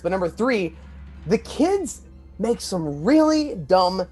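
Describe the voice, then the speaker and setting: A man co-hosting a casual podcast, rambling and animated, often acting out quoted lines. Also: sits high, takes it slowly, soft background music. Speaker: podcast co-host.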